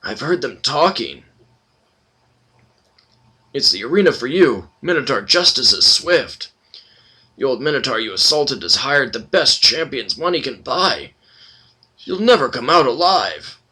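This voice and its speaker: A man's voice: mid-range voice, lively intonation, measured pace, long pauses, sharp tone, slightly rough, pitched above the performer's own voice, full character voice. A man voicing an emaciated male prisoner in a fantasy game, giving a grim, matter-of-fact warning.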